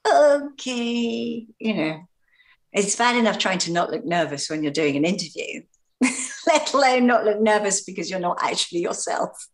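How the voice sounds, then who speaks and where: An English actress recalling stories in an interview, hesitant, often repeating words and laughing. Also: female voice, mid-range voice, lively intonation, moderate pace. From Britain. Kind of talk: anecdotal interview talk.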